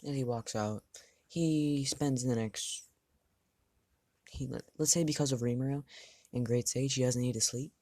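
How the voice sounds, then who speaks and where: Man, improvised fan story narration, hesitant, restarts, mid-range pitch, dry sound. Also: fairly even intonation, measured pace, long pauses, mellow, dry recording. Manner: hesitant, thinking aloud, frequent restarts.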